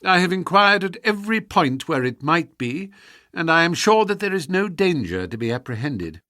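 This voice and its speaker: A calm detective who answers patiently and evenly, as a male narrator puts him on. The voice sits a bit high. The recording is dry and close. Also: normal speed, dry recording.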